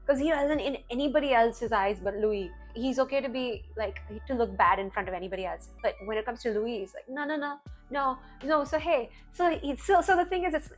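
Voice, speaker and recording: Chatty woman recapping a TV episode. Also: on the high side. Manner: chatty, heavy on "like" and "you know", animated retelling. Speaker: TV reaction channel host. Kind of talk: casual recap commentary.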